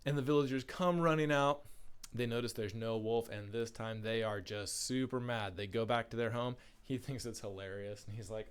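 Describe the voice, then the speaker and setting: A man's voice: fairly low pitch, brisk, clear, resonant tone. Man telling a story to young kids. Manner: animated, casual, many fillers like "like". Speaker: school staff presenter.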